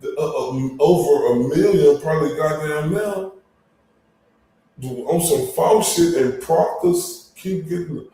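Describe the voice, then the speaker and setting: A man's voice: a little high, slow pace, dark tone, soft background music. A man giving angry commentary, cursing heavily and drawn out in his complaints. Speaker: online commentator. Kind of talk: profane ranting commentary. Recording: very echoey room, far from mic, faint noise.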